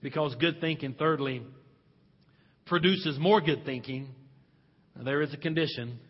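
High-voiced male pastor preaching. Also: measured pace, slightly rough, long reverb tail, muffled recording. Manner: emphatic preaching with rhetorical questions to the congregation. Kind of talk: sermon.

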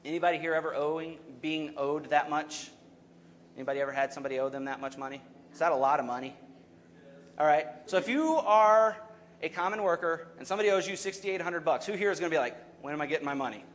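Earnest young pastor preaching. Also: male voice, on the high side, quick pace. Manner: conversational, asks the congregation questions. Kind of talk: sermon.

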